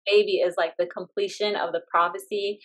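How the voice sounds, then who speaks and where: A woman in her thirties, a guest telling her family story in a lively way, laughing often and acting out what others said. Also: medium pitch, a little fast. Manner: animated, laughing often, acts out quotes. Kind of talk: casual storytelling interview.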